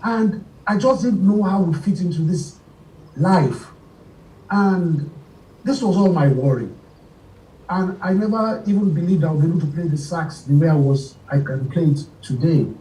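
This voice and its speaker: A man's voice: a little high, moderate pace, mellow. A middle-aged Nigerian man telling stories in a casual interview, acting out quoted voices and laughing often. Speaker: interview guest, musician. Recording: roomy sound from a distance.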